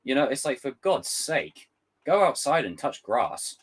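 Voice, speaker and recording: A man chatting on a live stream, lively and loose. His pitch swings widely as he rants, and he drops into mocking put-on voices to mimic others. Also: a little slow, slightly rough. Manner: animated, ranting, swears freely, mocks with exaggerated voices. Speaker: YouTube host reacting to a trailer. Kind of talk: casual livestream chat.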